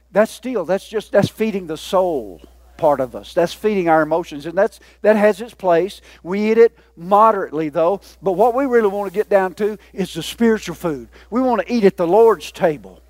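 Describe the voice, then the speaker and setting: High-voiced folksy pastor. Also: male voice, darkish tone, dry recording. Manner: folksy, joking with the congregation. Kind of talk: sermon.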